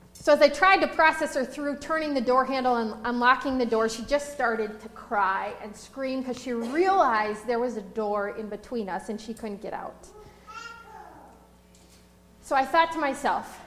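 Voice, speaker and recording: A woman with a high voice preaches a sermon, weaving a personal story into her message. She slows and stresses each phrase when reading scripture. The sound carries a roomy echo. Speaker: pastor.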